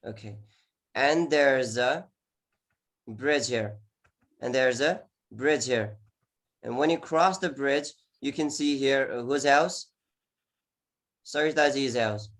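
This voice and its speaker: A man's voice: mid-range voice, takes it slowly, pauses often, fairly bright tone. A man teaching an online English exam class, encouraging, repeating words often with many "okay"s. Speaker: IELTS teacher.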